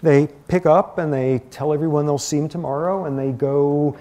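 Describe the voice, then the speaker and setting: A middle-aged man giving a university lecture, telling stories with lively asides. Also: on the high side, moderate pace. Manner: animated storytelling with asides.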